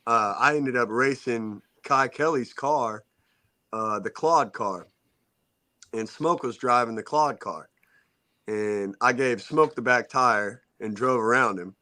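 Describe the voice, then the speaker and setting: A man's voice: medium pitch, slow, no room sound. A man, co-hosting a talk show and telling a story in casual chat, acting out the other people's voices as he goes. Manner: animated storyteller, acts out quoted voices. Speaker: podcast co-host telling a story.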